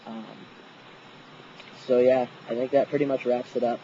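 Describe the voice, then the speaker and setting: A man's voice: medium pitch, little pitch movement, normal speed, mellow, muffled recording, a little hiss or hum. A young man telling a story outdoors in a casual, profane vlog, laughing often. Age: young adult. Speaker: vlogger.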